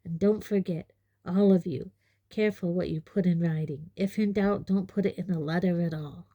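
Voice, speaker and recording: A woman's voice: lowish voice, fairly even intonation, normal speed, mellow. A woman voicing a grizzled, suspicious old male wizard-soldier in an audiobook, growling clipped warnings. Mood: gruff.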